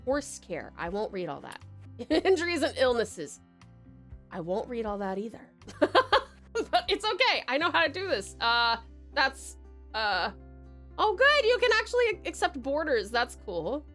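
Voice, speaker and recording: A bubbly Australian woman streaming a game, thanking viewers and reading tutorial text aloud. Her voice runs high and leaps around expressively, and she laughs often. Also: very animated, measured pace, a bit bright, faint music behind. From Tasmania, Australia. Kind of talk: live game stream chat.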